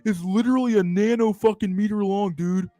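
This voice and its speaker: A man putting on an excitable, dim young bro who keeps saying dude and bro. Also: sits high, a little fast, dry recording, faint music behind, natural voice. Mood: excited. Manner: loud, repetitive, says dude and bro.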